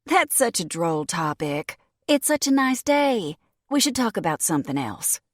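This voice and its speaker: A woman's voice: mid-range voice, sing-song, a little slow, no room sound, clean studio sound, pitched above the performer's own voice. A woman voicing a prim, evasive young woman with a Southern accent and a mewling, sweet manner. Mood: sugary. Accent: Southern American.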